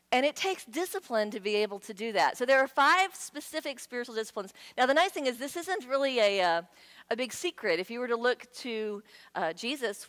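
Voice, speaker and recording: A woman giving a sermon in a conversational, playful way, with lively asides to the congregation. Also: fairly high pitch. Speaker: guest speaker. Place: church sanctuary. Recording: long hall reverb.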